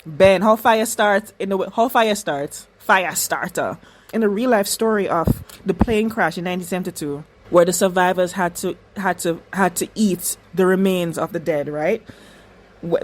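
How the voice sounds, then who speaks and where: A woman with a lowish voice reacts to a TV episode in a laid-back vlog, talking at a normal pace. She's emphatic and repetitive, answering the screen directly and swearing freely.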